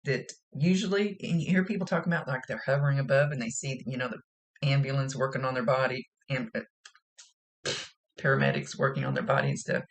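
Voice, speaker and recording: A woman's voice: very deep voice, brisk. A woman working as a psychic medium, giving a rambling, chatty reading and often laughing. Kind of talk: casual spoken reading.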